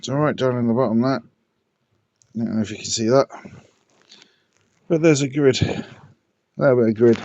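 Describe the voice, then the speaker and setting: A man's voice: mid-range voice, moderate pace, pauses often, a little mellow. A man casually talking through pond repairs outdoors, muttering to himself and out of breath, recorded on dull lo-fi audio. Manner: muttering, self-talking while working. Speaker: pond keeper vlogger. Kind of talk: casual DIY vlog commentary.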